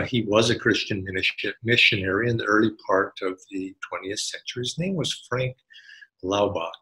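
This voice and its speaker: A man giving a devotional talk as a spiritual teacher, telling a personal story in an animated way. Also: lowish voice, rough recording. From United States. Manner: animated storyteller, acts out quotes in a raised voice.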